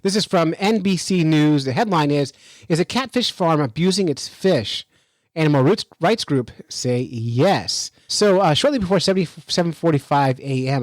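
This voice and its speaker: A man's voice: fairly high pitch, no echo, rough recording. Chatty man hosting a podcast. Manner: animated, chatty, laughs while telling stories. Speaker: podcast host. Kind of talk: casual storytelling and news commentary.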